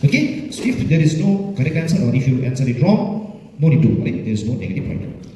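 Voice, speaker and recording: Man, spelling bee pronouncer, patient rule explainer, dark mellow voice, lively intonation, distant camera mic, big reverberant school hall. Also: medium pitch, brisk. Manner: patient, repetitive, checks understanding with frequent "okay?". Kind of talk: explaining contest rules to pupils. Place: large echoey school hall. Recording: echoey hall from far off, faint noise.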